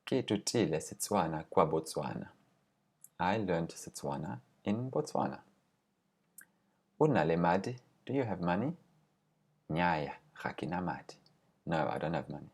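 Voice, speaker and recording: In a language lesson, a man reads brief example phrases and patiently goes through every word, slowing on the important terms. His voice is low, animated and a bit rough.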